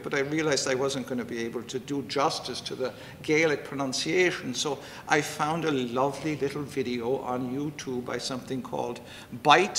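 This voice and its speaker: A man from the United States who puts on an Irish accent that drifts toward American, joking about himself as he introduces his reading. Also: sharp tone. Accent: put-on Irish, drifting toward American. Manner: self-deprecating, joking storyteller. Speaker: guest poet. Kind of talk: chatty introduction at a poetry reading. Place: library room with long reverb. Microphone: standing mic. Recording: reverberant hall with faint rumble.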